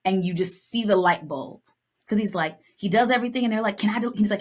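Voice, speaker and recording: A young woman co-hosting a podcast in casual chat, telling stories with lively acted-out lines and playful asides. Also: mid-range voice, fast. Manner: animated storytelling, acts out lines, playful. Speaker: podcast co-host.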